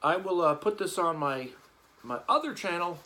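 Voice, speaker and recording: A man's voice: sits high, expressive, normal speed, sharp tone, a little hiss or hum, low-quality recording. A man vlogging casually as he cleans a gun, rambling and joking in an offhand way.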